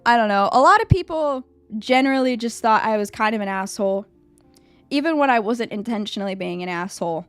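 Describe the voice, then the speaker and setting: A young woman streaming live, chatting casually with her chat and answering a quiz about herself, animated and at times breaking into loud high squeals. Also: a little fast, clean tone, faint music behind. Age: young adult. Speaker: VTuber streamer.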